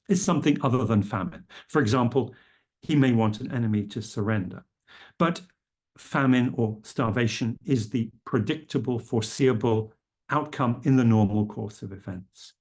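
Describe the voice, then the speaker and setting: A middle-aged man giving a formal lecture, measured and careful, quoting legal texts precisely. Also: mid-range voice, gravelly, darkish tone, slightly rough. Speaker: speaker at a public health lecture. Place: lecture room.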